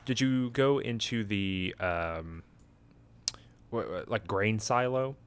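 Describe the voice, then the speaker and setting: A man's voice: lowish voice, takes it slowly, clear, resonant tone, no room sound. A sleepy young man co-hosting a podcast, casually recapping a video game in a rambling, self-interrupting, amused way. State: sleepy, yawning. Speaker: podcast co-host.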